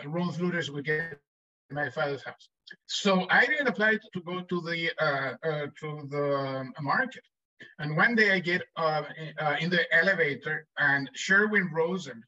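Man telling stories, distant dull audio. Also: a little high. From Chile. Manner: animated anecdotes with frequent fillers and restarts. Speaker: guest economist. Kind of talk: storytelling in a podcast interview.

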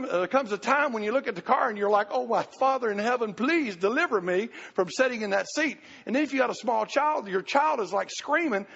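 A man's voice: high-pitched, creaky, a bit bright, big-room sound, lo-fi sound. A middle-aged pastor giving a folksy, conversational sermon, often restarting his sentences.

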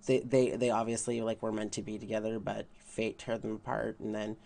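Young guy, gravelly voice, rambly casual chat, lots of likes. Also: lowish voice, completely flat delivery, fairly quick, warm tone. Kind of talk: casual chat ranking game characters.

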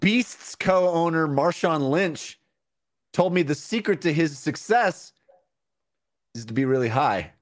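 A man's voice: on the high side, lively intonation, slow pace, long pauses. A man co-hosting a comedic panel chat who is playful and laughs through his punchlines. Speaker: show co-host.

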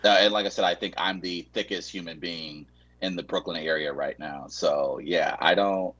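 Brief: very low, husky man, dry rambling guest, dull lo-fi sound. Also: normal speed, a bit bright. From Saint Louis. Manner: rambling, restarts phrases, dry humor. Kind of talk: casual chat.

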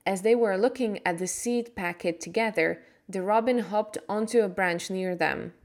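Woman reading a story slowly and clearly. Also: medium pitch. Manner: clear, careful, slower than normal speech. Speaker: podcast reader. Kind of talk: slow storybook reading for English learners.

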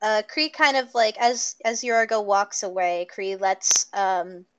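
A woman's voice: mid-range voice, fairly even intonation, a little slow, fairly bright tone, smooth. A woman playing in a tabletop game, describing her character's actions in a rambling way full of fillers. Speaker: player.

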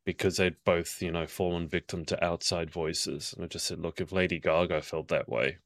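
A man's voice: deep voice, fairly even intonation, moderate pace, no room sound. A man hosting a casual podcast chat as a pageant coach, chatty and playful with frequent laughs.

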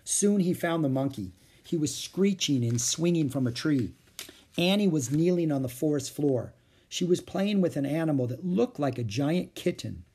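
Husky, animated man reading a children's book. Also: fairly high pitch, moderate pace. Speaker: storyteller.

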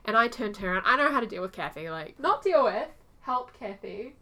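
Her voice is mid-range and fairly quick as she co-hosts a laid-back podcast conversation. Stories come out animated, with her performing each quoted person's voice.

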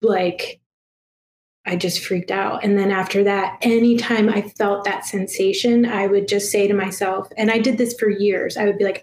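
A woman guest telling a personal story in a soft, emotional way, halting and full of fillers and restarts. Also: mid-range voice, fairly even intonation, echoey room, slight background noise. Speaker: guest, past life regression therapist.

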